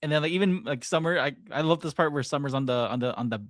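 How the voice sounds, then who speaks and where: A man's voice: on the high side, quick pace, no room sound, clean studio sound. A man co-hosting a casual podcast review, talking loosely with lots of "like" and frequent laughter. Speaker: podcast co-host.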